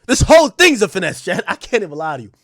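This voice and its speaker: A man in his thirties riffs to his live chat in a loose, profane rant. His voice sits high, and he swings between loud, mocking outbursts and low, mumbled asides. The sound is dry and close, with no room around it. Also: very animated, fast, no echo. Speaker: streamer.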